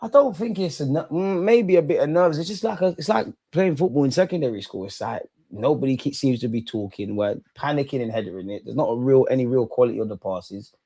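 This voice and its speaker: A young man hosting a live football watch-along, reacting excitedly, swearing at the referee and telling the players to calm down. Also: medium pitch, brisk, few pauses. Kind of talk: live match reaction commentary.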